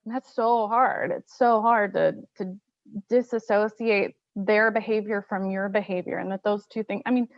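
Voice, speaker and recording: A woman's voice: mid-range voice, steady tone, normal speed, dry recording. A woman hosting an interview, talking bluntly and frankly in a casual way. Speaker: host. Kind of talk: candid interview talk. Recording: dry, slightly muffled lo-fi audio.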